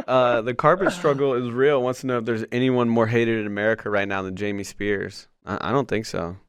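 A man hosting a casual chat, relaxed and easygoing, reading out questions from listeners. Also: mid-range voice, moderate pace, clear, resonant tone, no echo. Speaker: podcast host reading audience questions.

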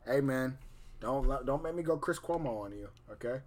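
A man hosting a casual sports chat, quizzing his co-hosts in an animated, joking way. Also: mid-range voice, normal speed. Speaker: podcast host.

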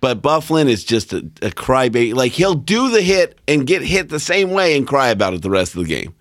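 A man's voice: medium pitch, big pitch swings, fairly quick, no room sound, studio quality. A man co-hosting a casual podcast, speaking bluntly and with strong opinions, often restarting his sentences. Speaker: podcast co-host.

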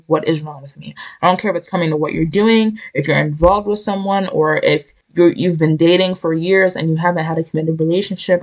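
A young woman hosting a podcast, giving an emphatic, repetitive pep talk in casual slang. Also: on the low side. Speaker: podcast host.

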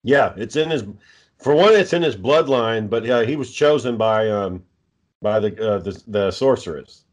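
A man's voice: on the low side, animated, moderate pace. A man chatting casually with friends, rambling and swearing freely, with lots of ums and restarts. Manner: rambling, profane, many fillers. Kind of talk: casual chat.

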